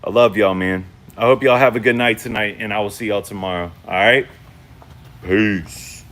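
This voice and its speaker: A man hosting a casual livestream check-in from home on his phone, talking in a laid-back, slangy way and shouting out viewers in the chat. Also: on the low side, fairly even intonation, moderate pace. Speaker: channel host.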